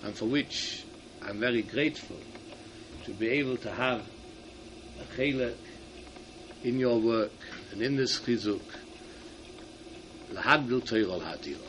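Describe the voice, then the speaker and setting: A man giving a Torah lecture to teachers. He reads Hebrew sources in quick bursts and then explains each one in English. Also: mid-range voice, a bit bright, slight background noise. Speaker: rabbi speaking to teachers. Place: hall at an event.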